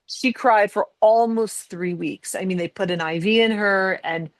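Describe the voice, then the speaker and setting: A woman's voice: mid-range voice, unhurried, dry recording. A middle-aged woman hosting a podcast, telling a personal family story in conversation, emotional and rambling with many fillers and restarts. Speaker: podcast host.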